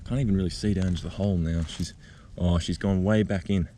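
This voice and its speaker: A man vlogging outdoors in the bush, talking gently and excitedly as he coaxes a spider out of its burrow. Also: sits low, a little fast, slight background noise. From Australia. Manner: excited, gentle, coaxing, thinking aloud. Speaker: nature vlogger. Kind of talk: outdoor wildlife vlog, talking to camera. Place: outdoors in a bushland reserve.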